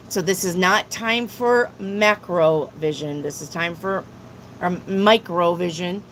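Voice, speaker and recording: A woman's voice: on the low side, takes it slowly, a bit bright, slight background noise, rough recording. A woman hosting a live tarot reading stream, chatting casually and answering viewers' questions one by one, repeating herself as she goes.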